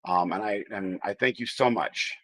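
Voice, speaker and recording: An American livestream host with a General American accent chats in a rambling, casual way and greets viewers by name. His voice is lowish and a bit bright, at normal speed.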